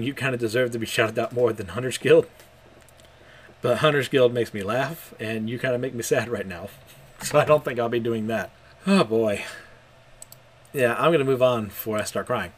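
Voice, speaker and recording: A young man casually recapping manga chapters, animated and hesitant, with frequent chuckles and fillers. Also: medium pitch. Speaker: manga reviewer.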